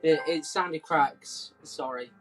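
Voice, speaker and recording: Slow, hesitant deadpan man. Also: on the high side, over music. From southwest England. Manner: hesitant, full of ums and restarts, deadpan. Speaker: comedy musician hosting a live stream. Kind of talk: rambling comic patter between songs.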